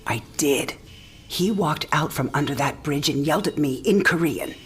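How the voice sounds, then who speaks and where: An actress playing an elderly mother on her last night alive, wry, teasing and frank, often speaking softly in a game cinematic. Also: deep voice, lively intonation, normal speed, a little hiss or hum. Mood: tender. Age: older. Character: dying elderly mother, warm, sharp-witted, frank. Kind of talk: video game cinematic drama.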